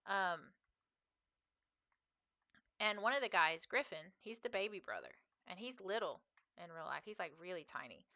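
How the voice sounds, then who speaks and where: A woman's voice: on the low side, sing-song, moderate pace, pauses often, pushed and bright. A woman streamer chatting casually with her viewers while playing a game, in a rambling, chatty way. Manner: chatty and rambling, talking to chat. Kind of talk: casual chat while gaming.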